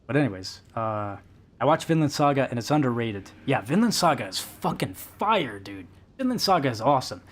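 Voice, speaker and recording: Streaming a game live, a man rants to his viewers in a casual, profane and animated way. His voice is medium-pitched and his pace is brisk.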